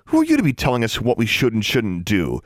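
A man voicing a defiant, sarcastic teenage girl in an audiobook, with a raised, lively voice. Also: fast talker, dry recording, studio quality. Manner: raised pitch, sharp retorts.

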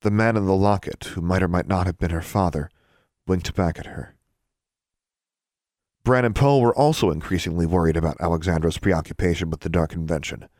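A man narrating a storybook in a steady, even reading. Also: low-pitched, brisk, no echo, studio quality. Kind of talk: scripted audiobook narration.

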